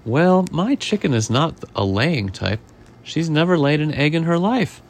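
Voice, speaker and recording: Storybook figure: a fretful woman chicken-owner, voiced by a male reader, higher and lively. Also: unhurried, full character voice. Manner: worried, exclaiming.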